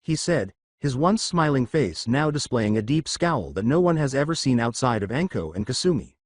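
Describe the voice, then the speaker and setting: A man reading scripted fan-fiction narration in an even way. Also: medium pitch, normal speed, no echo, clean studio sound.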